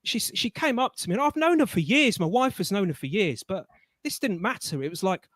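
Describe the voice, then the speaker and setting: Guy, slightly high voice, dry close mic, stammers through casual anecdotes on a call. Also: sing-song, a little fast, no room sound. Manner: rambling anecdotes with stammered restarts. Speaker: guest. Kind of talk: casual storytelling chat.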